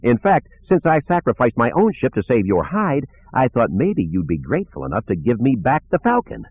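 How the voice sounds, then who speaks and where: A self-assured male gambler, smooth and teasing with a sarcastic edge, as a man puts him on. The voice is a little husky and the sound narrow and phone-like. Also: medium pitch, huge pitch swings, normal speed, pitched above the performer's own voice, exaggerated voice. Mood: needling, cocky. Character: cocky smooth-talking male gambler, middle-aged.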